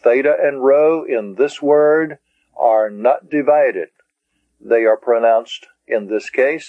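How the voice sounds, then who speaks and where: A man teaching in a slow, patient lecture style, repeating key words for his students. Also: mid-range voice, no room sound. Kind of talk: slow lecture on Greek syllables. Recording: dull lo-fi recording.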